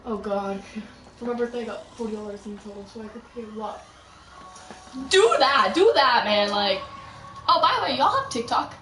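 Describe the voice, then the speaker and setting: A young woman rambling through casual commentary while she plays a game, chatty and full of quick asides. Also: medium pitch, animated, sharp tone, distant mic, slight background noise. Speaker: gaming streamer. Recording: roomy echo, voice set back from mic, faint music.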